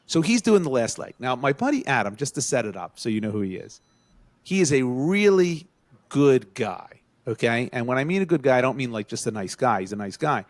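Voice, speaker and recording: A man's voice: a little fast, dry recording. Guy on a podcast telling a story, voice jumps all over, dry close mic. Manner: animated, acts out quotes with rising pitch. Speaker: podcast co-host. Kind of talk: casual storytelling among friends.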